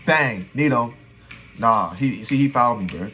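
A young man giving excited reaction commentary on his old basketball footage, trash-talking and repeating his phrases. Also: medium pitch, moderate pace, a little hiss or hum. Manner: hype trash talk, repeats phrases, keeps saying "bro". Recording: faint music behind.

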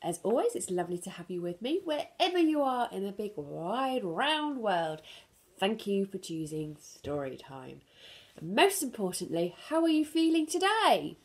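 A woman hosting a children's storytime, reading a picture book aloud in a gentle, sing-song way with soft laughs. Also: mid-range voice, very animated, moderate pace.

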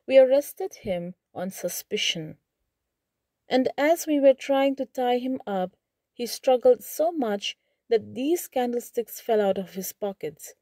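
A woman with an Indian English accent, reading lines from a play and explaining them plainly, often pausing with "okay". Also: mid-range voice, warm tone, no echo, studio quality. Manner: reads lines then restates them in simple words, frequent "okay". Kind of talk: line-by-line literature lesson, reading and paraphrasing.

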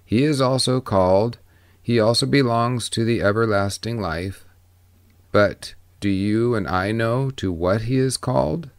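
A man reading a wise old ferryman, gravelly. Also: mid-range voice, no room sound, lightly acted. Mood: gently probing. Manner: measured, gentle questioning. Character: old wise male ferryman, calm and gentle. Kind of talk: audiobook reading.

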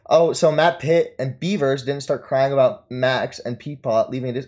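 A man's voice: mid-range voice, steady tone, a little slow, a little mellow. A man ranting at his live stream chat, mocking and taunting his target and laughing at them. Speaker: streamer reading and answering chat.

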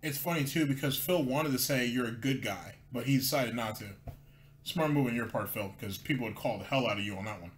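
A man's voice: mid-range voice, fast talker, a little hiss or hum. A man hosting a casual commentary show, reacting sarcastically to clips and often stumbling and repeating words as he talks. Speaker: commentary host.

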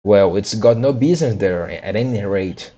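A man's voice: lowish voice, animated, moderate pace, warm tone, husky, dull audio. A man voicing a flustered, bossy male rabbit who barks impatient orders. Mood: angry.

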